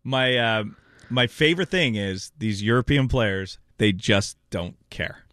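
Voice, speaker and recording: A man's voice: on the low side, expressive, unhurried, fairly bright tone, clear, resonant tone, dry recording, clean studio sound. A man co-hosting a radio sports talk show in a laid-back, teasing way.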